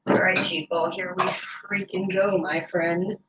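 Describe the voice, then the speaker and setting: Working through a recipe in her own kitchen, a female cooking-show host keeps things chatty and jokey, saying "like" a lot. Her voice is lowish, fairly even in intonation, and unhurried; faint music plays behind, and the sound is echoey and a bit dull.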